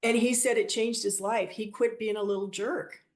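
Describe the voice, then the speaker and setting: A woman guest telling stories in an interview, animated and acting out the voices of the people she quotes. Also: fairly high pitch, normal speed. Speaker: guest, shop owner. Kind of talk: storytelling interview.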